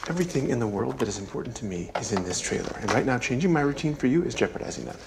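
An actor playing a blunt, literal-minded man who speaks flat and clipped. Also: mid-range voice, very fast, vocal fry, heavy background noise. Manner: flat, clipped, matter-of-fact.

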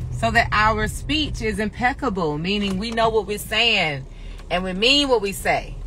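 Bright-voiced, chatty woman live-streaming. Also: mid-range voice, a little hiss or hum. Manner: chatty, folksy, calls listeners honey and y'all. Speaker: spiritual teacher. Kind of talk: casual live-stream talk. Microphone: phone.

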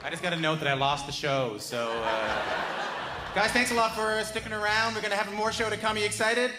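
A man's voice: high voice, fairly quick, heavy background noise. A man hosting a live radio show on a theatre stage, upbeat, joking and self-deprecating between segments. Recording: echoey theatre with crowd and music. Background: audience and music.

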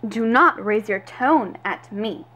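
A woman's voice: on the high side, expressive, takes it slowly, a bit bright, full character voice, low-quality recording. A woman voicing a stern female project boss who gives clipped, bossy orders, in amateur doll-video voice acting. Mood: cold.

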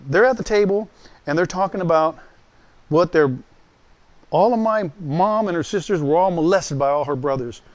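This is a man with a voice that sits high, preaching a sermon built on his own testimony. He chats directly with listeners and animates the quoted voices by acting them out.

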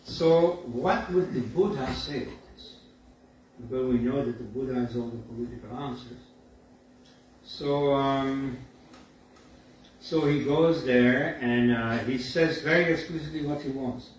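A man giving a university lecture in a storytelling way, often pausing with fillers and asides like "you see.". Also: medium pitch. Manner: conversational, frequent "you see" and filler pauses. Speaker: guest lecturer. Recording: echoey hall from far off, faint background noise.

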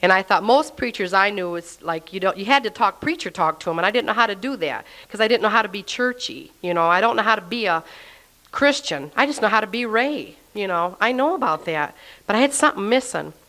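A woman with a medium-pitched, brisk voice shares a personal faith testimony. She tells it in a lively, chatty storytelling style, acting out the words she once said.

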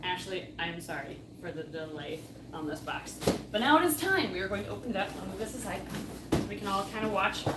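A chatty, excitable woman co-hosting a casual chat while opening fan mail. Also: mid-range voice, fairly quick, reverberant, far from the mic, very noisy. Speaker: co-host.

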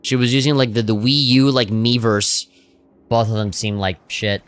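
A man's voice: medium pitch, fairly even intonation, moderate pace, smooth. A man streaming a game, reacting with jokes, laughs and swearing in casual commentary.

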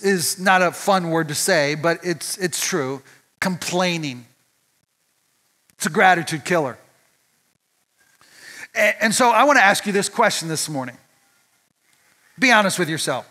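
Bright, high-voiced male pastor preaching. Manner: conversational, asks the audience rhetorical questions. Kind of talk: sermon. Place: church.

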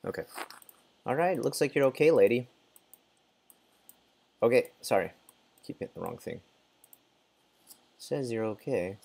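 A man's voice: mid-range voice, expressive, a little slow, gravelly, pauses often, darkish tone, slight background noise. A man casually commenting as he plays a game, muttering, reacting and sometimes swearing. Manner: mutters and reacts while playing, swears, laughs. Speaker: gaming channel host.

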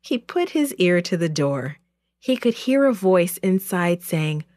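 A woman tells a children's Bible story at an unhurried pace, her pitch rising and falling with expression. The recording is close and dry. Her reading is deliberate and clear. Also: big pitch swings, a little mellow, no echo. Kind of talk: storybook narration.

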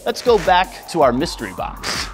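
A young woman hosts a kids' educational show in a low voice that swoops up into excited squeals. She talks slowly and clearly to little children, with background music underneath. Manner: excited exclamations, slow and clear for kids.

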